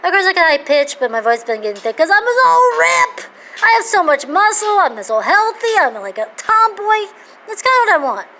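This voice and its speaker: A woman in her thirties talking in a casual, rambling monologue, excitable and jumping between topics. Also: normal speed, a little hiss or hum, rough recording. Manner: excitable, rambling, jumps to loud high-pitched outbursts. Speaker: vlogger.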